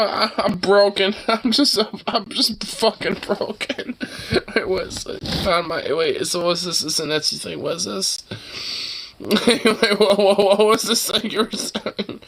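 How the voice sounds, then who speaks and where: Young guy cracking up, teary eyed, high bright voice, cussing a lot. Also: a little hiss or hum. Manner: helpless giggling, heavy swearing. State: teary from laughing. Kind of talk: casual laughing reaction.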